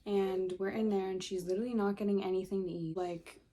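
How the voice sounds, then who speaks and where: Young woman vlogger, casual storytime, profane, exasperated, warm mellow tone. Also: mid-range voice, fairly even intonation, a little fast. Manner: profane, filler-heavy, exasperated.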